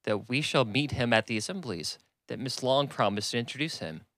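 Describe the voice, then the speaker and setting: A man's voice: mid-range voice, animated, brisk, fairly bright tone, dry recording. A man voicing a wry, teasing middle-aged father with a dry manner.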